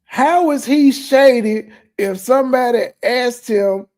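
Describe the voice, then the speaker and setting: A man's voice: very high-pitched, slow, a little mellow. A man hosting a profane reaction commentary, talking in a blunt, mocking, insulting way. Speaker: commentary host.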